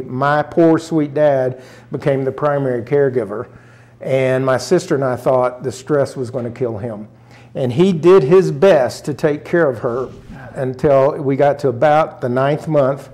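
A man's voice: mid-range voice, fairly even intonation, a little slow, darkish tone. An older man from rural Arkansas, a guest in an interview, telling a personal story earnestly and often getting choked up. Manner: earnest, emotional, often choked up, acts out quoted family voices.

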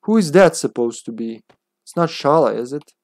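A man's voice: mid-range voice, lively intonation, normal speed, darkish tone, no echo, studio quality. A man chatting playfully and laughing as he plays a game on a live stream.

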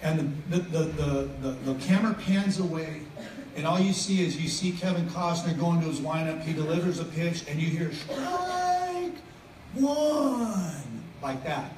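A man's voice: a little high, fairly even intonation, a little fast. A middle-aged man giving a casual, joking sermon as a guest speaker, chatty and self-interrupting. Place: church venue. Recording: echoey hall from far off, faint noise.

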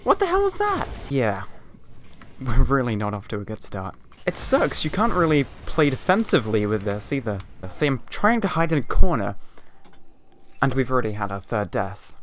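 A man giving chatty, excitable gameplay commentary at home, leaning toward a mic set below him. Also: mid-range voice, moderate pace, slight background noise. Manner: excitable, chatty, exclaims at the game. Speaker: gaming video creator. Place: home room with TV and a hot light. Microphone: mic placed below him, leans in.

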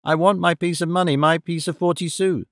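Male narrator as a small begging boy, raised pitch, whiny and insistent. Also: fairly even intonation, brisk, dry recording, studio quality, lightly acted. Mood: pleading. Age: about ten (figure). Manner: pleading, growing insistent. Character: small pleading boy street musician.

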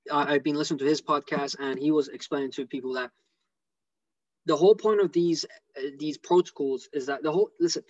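A man with an English accent giving rambling, excitable commentary on a live stream over a video call. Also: on the high side, fairly quick, no room sound, lo-fi sound. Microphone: computer mic on a video call.

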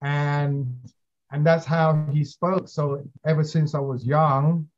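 A man's voice: a little high, little pitch movement, slow pace, dull audio. A man being interviewed as an actor, talking casually with many fillers and restarts.

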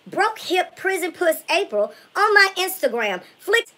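A brash, foul-mouthed vlogger diva, as a woman impersonates her in a comedy spoof. She hurls profane insults at her haters in a high, bright, sharp voice. The trash talk never lets up. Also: sing-song, unhurried, exaggerated voice, poor audio. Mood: furious.

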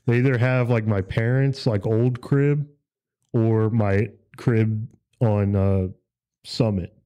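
A man's voice: lowish voice, fairly even intonation, slow pace, muffled recording. A man on a podcast, talking in a laid-back, rambling way with lots of fillers and swearing. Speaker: podcast host. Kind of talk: casual chat.

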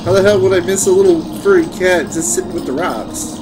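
A man with a high voice streams a game, talking fairly quickly in casual gameplay chat full of sarcastic, playful banter and free swearing as he plays. Game music and other background noise run underneath.

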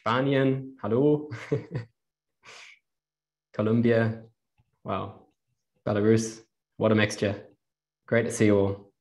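A man's voice: fairly low pitch, flat delivery, slow pace, pauses often, darkish tone. A young man with a slight Geordie accent, presenting a casual live online talk from his desk and chatting with viewers. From England. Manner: chatty, greets the chat with fillers.

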